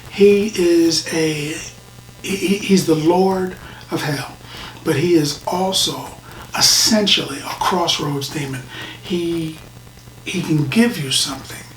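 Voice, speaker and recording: A reviewer talking casually through a show, rambling with restarts and dropping into whispers for emphasis. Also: medium pitch. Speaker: film and TV reviewer. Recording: roomy, distant mic, faint noise.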